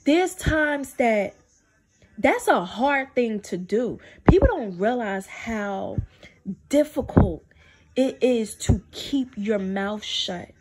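Woman sharing her faith to camera; emphatic, repetitive delivery in a somewhat high voice. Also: expressive, slow. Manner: emphatic, repeats phrases for stress; drops low and soft to quote God. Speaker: faith video speaker. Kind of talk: spiritual testimony to camera.

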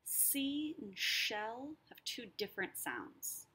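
A woman teacher explaining a lesson, sounding out words slowly and clearly. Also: fairly high pitch, very animated, sharp tone. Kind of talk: recorded lesson.

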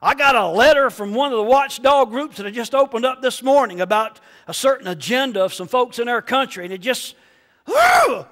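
Pastor guy with a really high voice preaching, gets loud and fired up, lots of questions to the crowd, big church echo. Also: fairly quick, hardly any pauses. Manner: animated preaching, rises to shouts, rhetorical questions to the congregation. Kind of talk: sermon. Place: church sanctuary. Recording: long reverb of a church hall.

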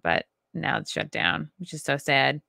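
A woman's voice: low voice, sing-song, unhurried, gravelly, bright, forceful tone, no echo, clean studio sound. A woman hosting a podcast, asking chatty follow-up questions and laughing often. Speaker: podcast host. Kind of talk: casual podcast interview.

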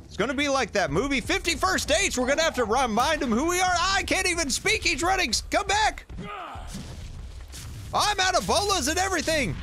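A man giving jokey, animated commentary while playing a survival game and talking to the creatures in it. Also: extremely high pitch, a little fast, slight background noise. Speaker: gaming YouTuber. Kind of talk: playthrough commentary.

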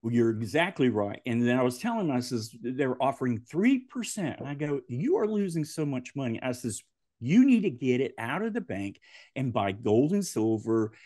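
A man's voice: mid-range voice, moderate pace, dry recording, clean studio sound. A man, a podcast guest telling stories in casual chat and laughing often. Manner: animated, laughing often through his stories.

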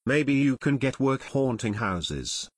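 A man voicing a calm, practical teenage boy detective who explains his plans, in an audiobook. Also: medium pitch, slow pace, slightly rough, no room sound. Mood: explaining. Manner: level-headed, explaining.

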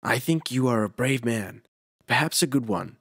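A man voicing a stern, guarded temple keeper from ancient Britain, with a harsh, gruff and suspicious way of talking. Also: medium pitch, lively intonation, moderate pace, a bit bright, dry recording, clean studio sound. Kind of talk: audiobook character reading.

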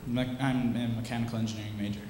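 A man's voice: medium pitch, little pitch movement, rapid-fire, noisy background. A young man from Northern California, an audience volunteer giving short answers on stage. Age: young adult. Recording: distant voice in an echoey hall.

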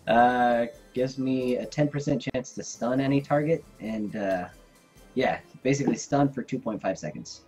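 A man's voice: medium pitch, normal speed, darkish tone, breathy edge, soft background music. A man playing a video game with a friend, chatting casually and teasing with frequent laughs. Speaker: guest co-player. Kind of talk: casual gaming chat.

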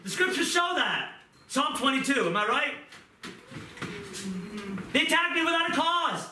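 Impassioned high-voiced preacher in echoey room. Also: male voice, very animated, a little slow. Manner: impassioned, swings from loud pleading to hushed, tearful moments. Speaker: pastor. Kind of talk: sermon. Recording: echoey room, mic at a distance, audible background noise.

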